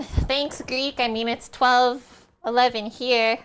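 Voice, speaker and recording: A woman's voice: on the high side, big pitch swings, takes it slowly, few pauses, faint music behind. A woman streaming while she cooks, chatting casually with viewers, answering their comments and laughing often. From Canada. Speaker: cooking streamer. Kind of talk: casual livestream chat while cooking.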